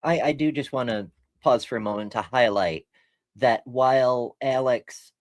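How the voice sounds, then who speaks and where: A man's voice: medium pitch, unhurried, dry recording. A man reviewing a debate in casual commentary, wry and sarcastic as he lists examples.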